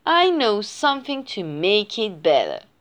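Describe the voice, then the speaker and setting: A woman voicing a friendly, helpful male bird in a storybook, in a calm, kindly way. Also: mid-range voice, measured pace.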